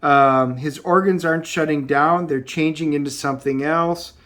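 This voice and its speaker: A man's voice: fairly high pitch, steady tone, moderate pace, a bit bright. Casual man recapping a comic. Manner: rambling, filler-heavy summarizing. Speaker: comic book reviewer.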